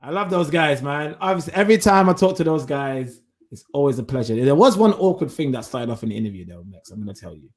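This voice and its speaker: A man's voice: a little high, fast, few pauses. A man co-hosting a podcast, telling a story in casual chat and acting out the lines of the people in it. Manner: animated storytelling, acts out quotes. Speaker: podcast co-host.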